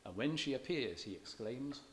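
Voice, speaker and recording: A man giving a public lecture on reading poetry. He explains in a measured way, with dry self-deprecating humour. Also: medium pitch, expressive, a little hiss or hum. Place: church event.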